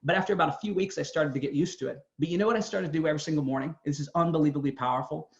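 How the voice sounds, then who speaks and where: A man's voice: fairly high pitch, very fast, vocal fry, roomy sound. Earnest motivational speaker, a man. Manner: earnest, storytelling, emphatic. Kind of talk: motivational talk. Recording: dull lo-fi sound.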